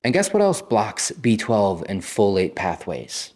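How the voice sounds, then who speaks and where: A man's voice: lowish voice, very animated, unhurried, a little mellow. A man hosting a casual health vlog, talking straight to viewers in an emphatic, conversational way with mild cursing. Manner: emphatic, conversational, mildly profane, talks directly to viewers. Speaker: health video host. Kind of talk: casual vlog monologue to camera.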